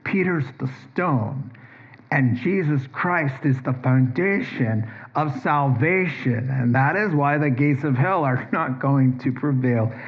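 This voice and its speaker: Slow-talking emphatic male preacher. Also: mid-range voice. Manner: emphatic preaching with rhetorical questions. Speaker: pastor. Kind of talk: sermon. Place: church. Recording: dull lo-fi sermon recording.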